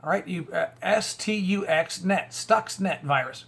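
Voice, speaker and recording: In a husky, gravelly voice that sits high with a fairly bright tone, a man hosts his own online video at an unhurried pace. His rambling monologue of conspiracy and religious commentary is full of rhetorical questions, repeated words and chuckles.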